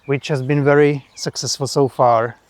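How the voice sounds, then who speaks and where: Man, deadpan, mid-pitched voice, relaxed garden chat, homestead vlog. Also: normal speed. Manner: dry, deadpan humor. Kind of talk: casual chat. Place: outdoors in a garden.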